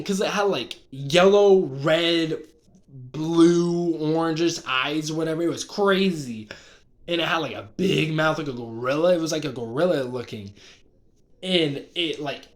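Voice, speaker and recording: A man casually recounting his dreams as a vlogger, rambling and excitable, with many fillers and restarts. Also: a little high, normal speed.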